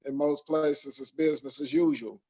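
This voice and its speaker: A male podcast host from Michigan, USA has a high-leaning, dark, slightly rough voice with fairly even intonation and normal speed. His casual chat rambles in long stretches heavy with fillers and restarts, recorded with dull lo-fi sound.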